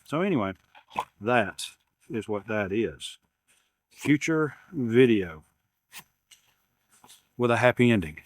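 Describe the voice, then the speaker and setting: A man's voice: mid-range voice, animated, slow, pauses often, no echo. A man, rambling casually as he unboxes gear at his workshop bench. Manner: rambling, repeats words, self-deprecating humor. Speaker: YouTube maker unboxing camera gear.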